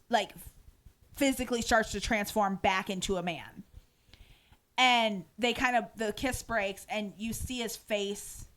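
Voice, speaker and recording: A woman co-hosting a podcast, casually recapping a TV episode with animated, filler-heavy storytelling. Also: medium pitch. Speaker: podcast co-host.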